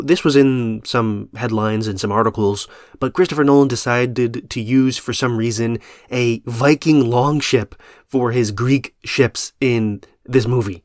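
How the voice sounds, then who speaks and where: A man's voice: medium pitch, dry recording, clean studio sound. A man commenting casually on a film trailer, talking things through with frequent ums and uhs.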